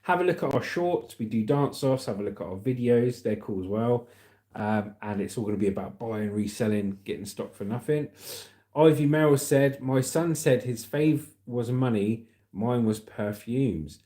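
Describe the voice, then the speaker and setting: A man's voice: mid-range voice, animated, moderate pace, warm tone. Chatty British man hosting a livestream. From Britain. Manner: chatty and upbeat, calls viewers mate and legend. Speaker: livestream host. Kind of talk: casual livestream chat reading viewer comments.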